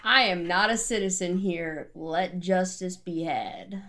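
A woman's voice: lowish voice, slow, sharp tone. A woman playing in a tabletop game, chiming in with short, dry remarks. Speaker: player.

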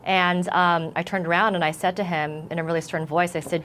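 Shaken woman correspondent, low-pitched. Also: little pitch movement, a bit bright, slight background noise. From United States. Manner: earnest, halting with repeated starts. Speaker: news correspondent. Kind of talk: TV news interview.

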